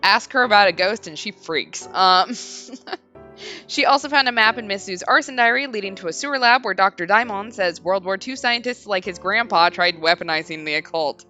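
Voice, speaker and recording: Bright, lively woman playing through a game. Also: medium pitch, moderate pace, soft background music. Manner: chatty, giggly, reads on-screen text in a storytelling tone. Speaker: let's play host. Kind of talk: casual game commentary, reading game text aloud.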